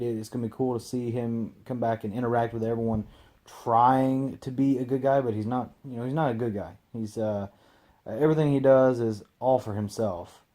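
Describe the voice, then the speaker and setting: A young man hosting a casual anime commentary, rambling with many fillers and growing loudly exasperated. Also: medium pitch.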